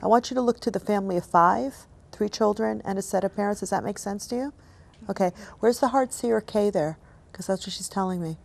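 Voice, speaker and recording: A woman hosting as a psychic medium, giving a reading in a gentle, apologetic, emotional way that often drops to a soft hush. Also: mid-range voice, a little fast, creaky.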